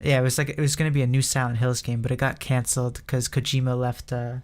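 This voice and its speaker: A man with a smooth, clear voice talks about video games in a casual podcast chat. He speaks in a flat, even tone, and his voice tends to crack. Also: medium pitch, fast. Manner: voice prone to cracking. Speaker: podcast co-host.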